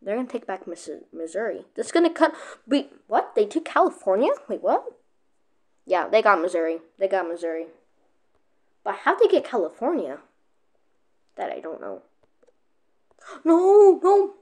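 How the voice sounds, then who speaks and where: A woman giving casual, excitable gameplay commentary, often breaking off mid-sentence to react. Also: mid-range voice, moderate pace, pauses often. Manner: excitable, keeps cutting herself off with "wait". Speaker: gaming video creator.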